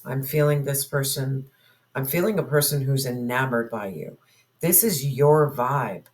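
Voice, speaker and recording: Slow, musing tarot reader. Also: mid-range voice, poor audio. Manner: musing, asks spirit questions aloud, intuitive. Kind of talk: spoken tarot reading to viewers.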